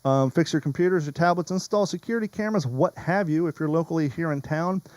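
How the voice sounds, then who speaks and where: A man's voice: fairly high pitch, quick pace, a little mellow, dry recording. A man hosting a podcast in casual chat, rambling and wandering off topic. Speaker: podcast host.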